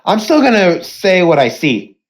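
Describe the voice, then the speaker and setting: A woman's voice: on the low side, very animated. A woman reading a fan roleplay aloud, casual and laughing, drawing her lines out. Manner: casual, laughing, drawn-out delivery.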